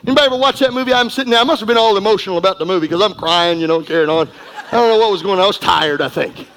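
A middle-aged man preaching a sermon, folksy and emphatic, going from quiet asides to shouting. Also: high-pitched, very fast, slight background noise, low-quality recording. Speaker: pastor.

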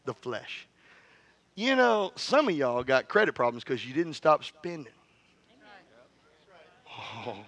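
High, bright-voiced fervent male preacher. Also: sing-song, a little slow, pauses often. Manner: fervent preaching with call-and-response; storytelling, joking with the congregation. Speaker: pastor. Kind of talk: sermon.

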